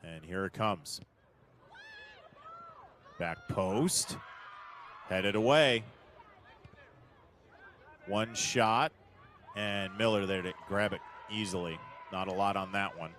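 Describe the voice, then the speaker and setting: A man doing live play-by-play commentary of a soccer match, calling the action at a steady pace and rising sharply when a big chance comes. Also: deep voice, slow pace, pauses often, some chatter behind, slight background noise.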